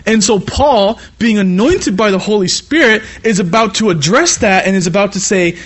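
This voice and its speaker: Lively young preacher man, high and animated. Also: fairly quick, hardly any pauses. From California. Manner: animated preaching that turns conversational, with asides and repeated "you know". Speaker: youth pastor. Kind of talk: sermon. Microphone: iPad.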